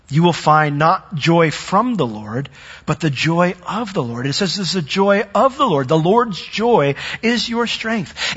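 A male pastor preaching a sermon in an animated way, often acting out the voices of the people he quotes. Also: fairly high pitch, breathy edge. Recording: echoey hall, dull lo-fi sound.

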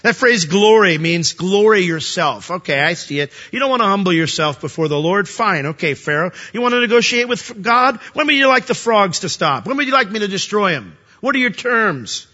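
A man preaching a sermon, animated, asking rhetorical questions and acting out dialogue. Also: sits high, normal speed, hardly any pauses, highs cut off. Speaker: pastor.

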